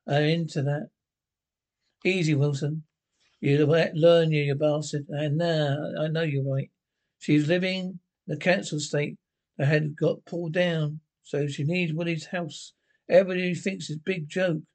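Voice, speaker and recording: A man's voice: a little high, steady tone, unhurried, darkish tone. An actor playing a grumbling older pensioner in a TV sitcom, blunt and sweary in banter with his pals. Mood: gossipy. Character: grumbling older Glasgow pensioner, nosy and sharp. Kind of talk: TV sitcom acting.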